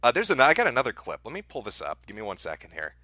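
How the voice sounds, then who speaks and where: A man's voice: medium pitch, wildly swooping pitch, racing, pushed and bright, dry recording. A man streaming, mocking the clips he plays with sarcastic commentary.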